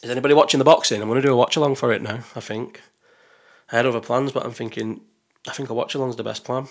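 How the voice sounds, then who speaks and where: Rattling off words rapid-fire, a betting vlogger chats casually while he bets, rambling to himself and doubting his selections. His voice sits in the mid-range with fairly even intonation.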